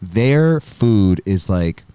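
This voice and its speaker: A male podcast host with a low, dark voice that swings widely in pitch. He talks in a rambling, joking, profane way and sounds a little tipsy from beer. The sound is dry and close. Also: very animated, extremely slow, clean tone, dry recording. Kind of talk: casual chat.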